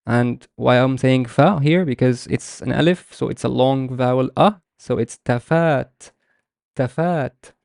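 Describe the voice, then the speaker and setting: In a live online class for beginners, a young man patiently explains Arabic letters and slowly repeats example words. His medium-pitched voice is creaky with a darkish tone, captured in studio quality with no echo.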